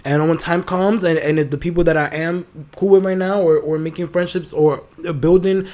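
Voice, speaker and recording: A 21-year-old man hosting his own podcast, talking in a sassy, profane, animated solo monologue full of fillers. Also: fairly high pitch, moderate pace. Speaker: podcast host.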